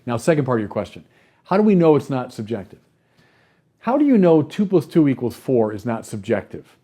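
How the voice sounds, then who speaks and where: An older man with a dark, mellow voice speaks at a slightly raised pitch as a bishop on a podcast. He argues with energy and emphasis, leaning into points and acting out mock quotes. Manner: animated, emphatic, mock-quoting others. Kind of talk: podcast conversation.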